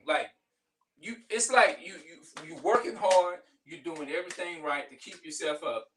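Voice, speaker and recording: A man's voice: a little high, moderate pace, a bit bright, far from the mic. A middle-aged man venting in a heated, profane, rambling monologue, repeating himself as he goes. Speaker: vlogger.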